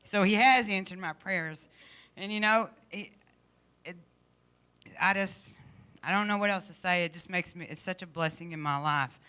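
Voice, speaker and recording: Bright-voiced woman giving a halting testimony. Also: fairly low pitch, clear, resonant tone. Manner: halting, heartfelt, emotional. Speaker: church member giving testimony. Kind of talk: personal testimony to a congregation. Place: church service.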